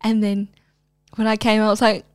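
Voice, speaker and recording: A young woman co-hosts a podcast, trading crude stories in casual chat full of laughter. Her voice is medium-pitched, brisk and clean, recorded in a clean studio with no echo. She comes across as a lively, laughing storyteller.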